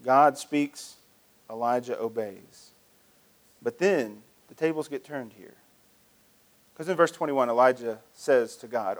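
A man's voice: medium pitch, measured pace, pauses often. A male pastor preaching a sermon in a conversational, storytelling way with frequent restarts.

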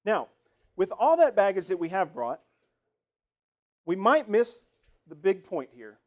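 High-voiced conversational preacher man. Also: sing-song, unhurried, a little mellow. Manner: conversational, emphatic, acts out quoted lines. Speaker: pastor. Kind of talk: sermon.

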